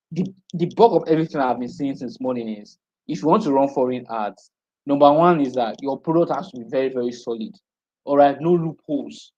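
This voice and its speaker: A man's voice: medium pitch, darkish tone. A man teaching a live-streamed class, repeating points and checking in with "okay?" after each one. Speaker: online marketing instructor. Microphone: streaming setup. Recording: dull lo-fi stream audio.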